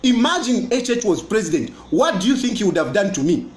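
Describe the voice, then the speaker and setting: A man's voice: high-pitched, big pitch swings, brisk. A politician with a Zambian accent talking to camera, boastful and mocking, repeating his points. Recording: roomy echo.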